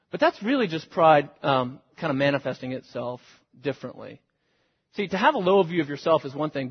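A man's voice: fairly high pitch, slightly rough. A man preaching a sermon as pastor, earnest and questioning his listeners directly. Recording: lo-fi, reverberant hall.

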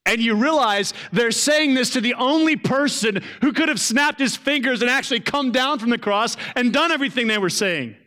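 A man preaching a sermon, earnest, swelling to loud emphasis and dropping to soft, low lines. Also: normal speed, hardly any pauses. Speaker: pastor.

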